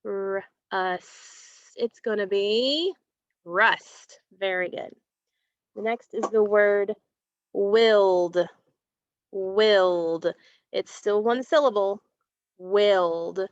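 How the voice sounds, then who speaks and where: Woman teacher, very slow and deliberate, phonics drills, dry, muffled lo-fi sound. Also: medium pitch, no echo. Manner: stretches out and repeats single sounds, encouraging. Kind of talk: slow, clearly enunciated phonics lesson. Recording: dry, dull lo-fi recording.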